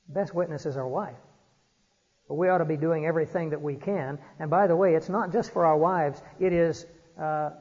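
Male pastor, slightly high voice, earnest exhortation, long church reverb, dull sound. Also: darkish tone, breathy edge. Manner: earnest, exhorting, frequent "uh" fillers. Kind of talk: sermon.

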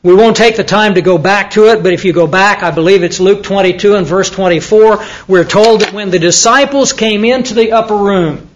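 A man's voice: high voice, brisk, hardly any pauses, dull audio, slight background noise. A man teaching the Bible to students in a conversational way, often asking them questions. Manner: conversational, asks the audience questions, with fillers.

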